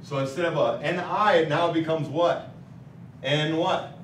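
Recorded from afar in a spacious classroom with a little hiss or hum, a male language teacher works through vowels and word patterns. He speaks at normal speed in a fairly high voice, patiently putting questions to his students.

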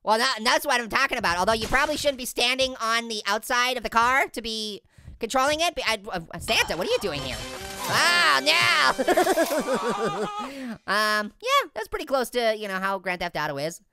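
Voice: sing-song, moderate pace, over music. A performer voicing a hyperactive, wisecracking cartoon orange, joking and punning through game commentary. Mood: silly. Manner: goofy, punning, giggly, high-energy. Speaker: gaming let's-play host. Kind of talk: let's play game commentary.

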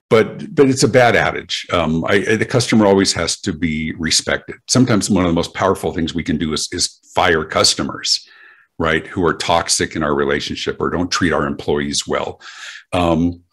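A man's voice: low voice, animated, moderate pace, fairly bright tone, slightly rough. A man answering interview questions about customer service, emphatic and full of anecdotes, often restarting his words. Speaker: guest speaker on customer service.

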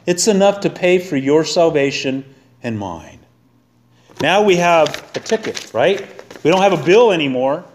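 Man, middle-aged, pastor, sermon, folksy conversational preaching, church sanctuary, slightly high voice. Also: lively intonation, unhurried.

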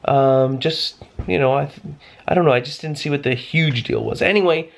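A tired man from Canada hosts a family vlog in a relaxed, rambling way, with a voice at an ordinary middle pitch. A faint noise sits under his voice. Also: moderate pace, vocal fry. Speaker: family vlogger. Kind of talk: casual vlog chat.

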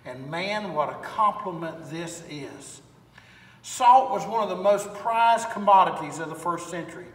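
A man's voice: high voice, expressive, a little slow. A male pastor preaching a sermon in a church with folksy storytelling and strings of rhetorical questions. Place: church sanctuary. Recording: echoey hall, far from mic.

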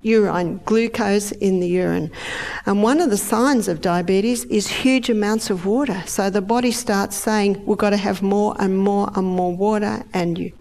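A middle-aged woman giving a lively health lecture, acting out the body's organs in high, excited voices. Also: moderate pace, gravelly.

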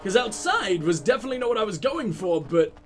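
High-pitched dude rambling over his gameplay, swearing and roasting himself, quiet game music behind. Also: big pitch swings, fast talker. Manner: rambling, self-mocking, swears a lot. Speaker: let's play host. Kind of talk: casual gameplay commentary.

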